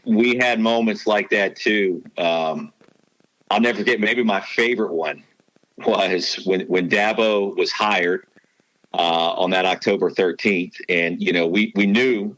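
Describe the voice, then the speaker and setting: Low-voiced man telling a rambling story. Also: a little slow, a bit bright, no room sound, low-quality recording. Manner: rambling, many restarts and asides. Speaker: podcast guest, sports broadcaster. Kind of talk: casual storytelling chat.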